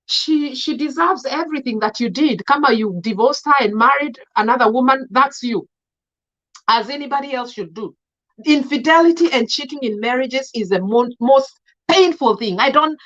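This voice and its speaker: A Kenyan vlogger, a woman around her thirties, delivers an emotional, impassioned commentary monologue in a high voice through a muffled recording. Indignant and scolding, she repeats herself and keeps switching between English and Swahili.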